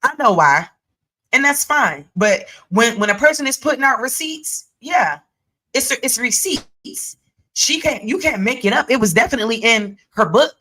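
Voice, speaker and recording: A woman hosts a reaction commentary, talking straight to her viewers in an animated, sassy way. Her voice is bright and forceful and sits a little high. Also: poor audio. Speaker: commentary channel host.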